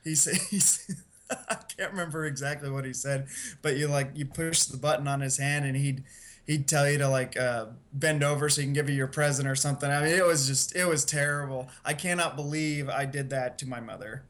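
A man's voice: fairly high pitch, fairly even intonation, fairly quick, fairly bright tone. A man, a guest on a podcast, telling stories casually and laughing through them. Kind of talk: casual storytelling.

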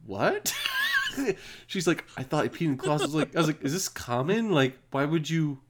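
A man's voice: on the high side, sing-song, normal speed, a little hiss or hum. Dude on a podcast cracking up a lot, teasing his buddy, voice jumps all over. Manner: laughs often, teasing reactions. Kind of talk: casual podcast chat.

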